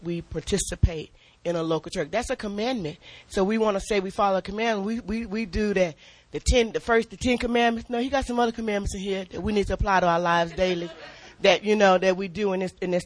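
A middle-aged woman giving a spirited church testimony and sermon, animated, often laughing and repeating her words as she preaches. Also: mid-range voice, no room sound.

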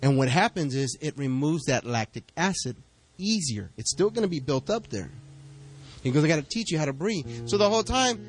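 A middle-aged man preaching a sermon, telling a story with lively back-and-forth dialogue. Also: a little high, brisk, no echo, soft background music. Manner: storytelling, animated, acts out quoted exchanges. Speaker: pastor.

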